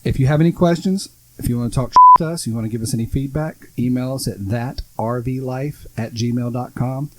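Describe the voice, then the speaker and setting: A man's voice: medium pitch, fairly quick, heavy background noise. A man co-hosting a podcast in casual chat, blunt and sarcastic, rambling through his points. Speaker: podcast co-host.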